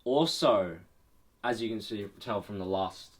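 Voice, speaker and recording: A young man with a fairly low voice co-hosts a casual podcast. He rambles, restarts his sentences and swears freely, and his voice sounds a touch groggy in the morning. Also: a little slow. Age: young adult. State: morning voice, a bit lower than usual. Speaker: podcast co-host. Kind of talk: casual chat.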